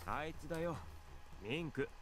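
A man's voice: fairly high pitch, lively intonation, fast talker, lightly acted. Male actor as a blunt young game lead, game audio with ambient noise. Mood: bemused. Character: easygoing young man, game hero.

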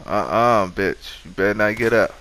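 A man's voice: on the low side, normal speed, a bit bright. A man commentating his own video game run, swearing and trash-talking the enemies on screen. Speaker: gamer. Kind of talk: profane let's-play commentary.

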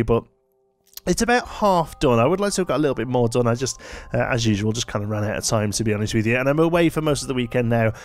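A tired man rambling through casual gameplay commentary late at night, with plenty of fillers and asides. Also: medium pitch. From United Kingdom. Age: adult, married. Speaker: let's play host.

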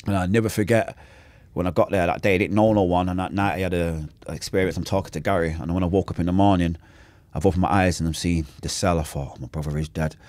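A man's voice: sits low, steady tone, quick pace, a little mellow, no echo. A man telling an intense, emotional personal story as a podcast guest. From Manchester, England. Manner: intense, emotional, acts out quoted voices.

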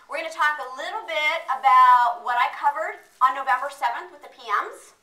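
High, bright-voiced woman workshop presenter. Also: fairly quick. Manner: energetic, playful, talks with the audience. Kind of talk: motivational training talk. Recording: echoey room, distant mic.

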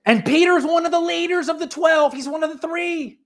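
Animated conversational preacher. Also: very high voice, a little fast, creaky. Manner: conversational and animated, with asides and direct questions to listeners. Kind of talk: sermon. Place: church.

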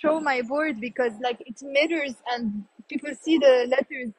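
A Lebanese woman teaching Arabic on a live stream while walking down a city street, chatty and repeating each new word slowly. She speaks into a phone held in her hand. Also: sits high, slight background noise, low-quality recording. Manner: explains words, repeats each one slowly, chatty asides.

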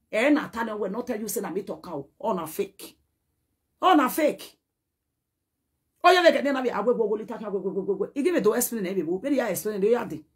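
Addressing the camera, a woman who is a Nigerian social media personality delivers an angry message that swings between scolding and pleading. She shifts between Pidgin and a local language in a husky, mid-range voice.

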